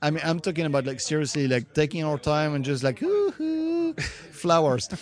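A man, French by first language, talks shop as a comic book artist in a relaxed podcast chat. His voice sits a little high, and he speaks emphatically, often trailing off into fillers. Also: fast talker.

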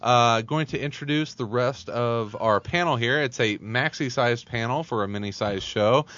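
A man's voice: mid-range voice, normal speed, a bit bright, no room sound. A man hosting a casual comics roundtable podcast as a loose, upbeat emcee who often says "uh.". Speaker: podcast host. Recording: muffled lo-fi podcast audio.

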